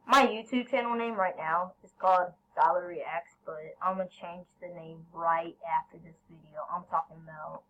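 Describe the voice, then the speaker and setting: A woman commentating her own gameplay, excitable, yelling at teammates and then apologizing. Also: lowish voice, normal speed, hardly any pauses, dull audio. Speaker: gaming channel host.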